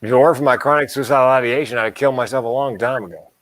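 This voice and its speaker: Man trading wry dark jokes, dry sound. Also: mid-range voice, very fast, dry recording. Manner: dark self-deprecating humor, laughs at own jokes. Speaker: podcast co-host and mental health speaker. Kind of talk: casual podcast chat.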